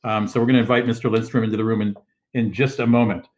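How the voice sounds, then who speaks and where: A man's voice: on the low side, steady tone, fast. An older man hosting a casual show from his living room over a video call, rambling with many fillers and restarts. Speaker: host. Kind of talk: casual live-stream talk. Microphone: video call setup.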